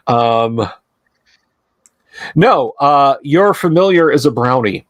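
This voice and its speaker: A man's voice: medium pitch, expressive, slow pace, pauses often, dry recording. A man running a tabletop game on a livestream, rambling and chuckling through asides. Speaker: game master.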